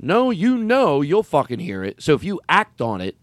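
Comedy podcast guy, high-ish bouncy voice, swears a lot, dry close mic. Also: moderate pace, no echo. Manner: animated, swearing, riffing with impressions. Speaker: podcast host. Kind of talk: casual comedic chat.

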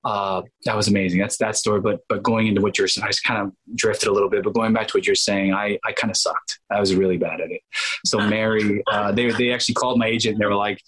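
A man talks as a guest on an interview show, spinning rambling anecdotes and slipping into the voices of the people he quotes. His voice sits on the low side with a husky, breathy texture. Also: fast talker, poor audio. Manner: animated, acts out quoted dialogue; rambling with restarts and fillers. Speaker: guest actor. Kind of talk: casual interview storytelling.

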